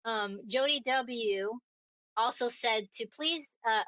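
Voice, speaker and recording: A woman's voice: a little high, slow pace, a bit bright, dry recording, muffled recording. A woman from Connecticut co-hosting a podcast, chatting casually with lots of ums and giggles. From Northeast Connecticut. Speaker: podcast co-host. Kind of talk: casual chat.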